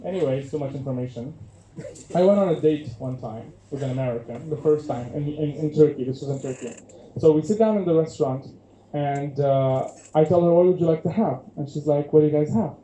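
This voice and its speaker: A man's voice: fairly high pitch, brisk, warm tone, slight background noise. A young man from Syria performing a stand-up comedy set, chatty and loose, with lots of fillers. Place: comedy club stage. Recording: echoey room, poor audio.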